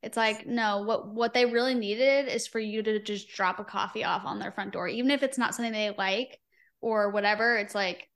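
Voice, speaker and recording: Brief: woman guest, passionate and tender, mid-pitched voice, lots of "like". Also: normal speed. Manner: passionate, warm-hearted, filler-heavy. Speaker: podcast guest. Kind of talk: heartfelt conversational interview.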